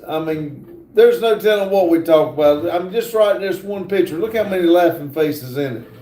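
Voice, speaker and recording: A man chats casually on his livestream and reads viewer comments aloud, drawling with plenty of fillers. His voice sits high but sounds mellow and relaxed. The room around him is echoey. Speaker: livestream host reading chat.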